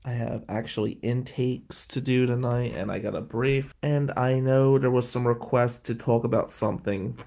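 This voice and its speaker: Warm, medium-pitched and steady, this man talks at a moderate pace with vocal fry and hardly any pauses. A middle-aged Atlantic City, New Jersey attorney hosting a podcast, he rants profanely through stories in a casual monologue, sounding exhausted.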